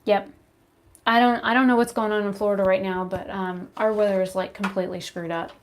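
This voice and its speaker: A woman's voice: mid-range voice, a little fast. Chatty woman vlogging while doing makeup. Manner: chatty, rambling, animated storytelling with laughs. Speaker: beauty vlogger. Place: her home, indoors. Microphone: phone camera at arm's length.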